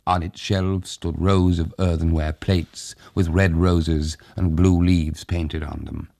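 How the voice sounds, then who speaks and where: A man narrating an audiobook in a measured, steady way. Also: low-pitched, gravelly, no echo.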